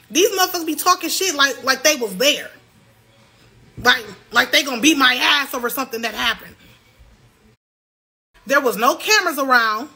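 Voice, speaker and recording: High, bright-voiced young woman ranting. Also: expressive, moderate pace, pauses often. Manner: heated, repetitive, loud and profane. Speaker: livestreamer. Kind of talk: ranting to viewers on a livestream.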